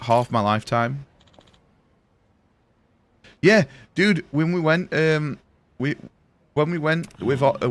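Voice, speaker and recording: A young man streaming a game live, rambling and swearing as he tells stories to friends. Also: mid-range voice. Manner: rambling, swears, chatty storyteller. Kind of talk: casual live-stream chat while gaming.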